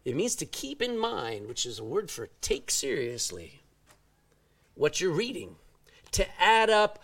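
A man from Texas with a Texan accent, preaching a sermon in a folksy, animated way and drawing out words for emphasis. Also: sits high, distant mic. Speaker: pastor. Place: church.

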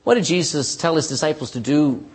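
A middle-aged man preaches briskly in a fairly high, slightly rough voice, telling stories and restarting along the way. Throughout the sermon he calls out "Amen?" to his congregation.

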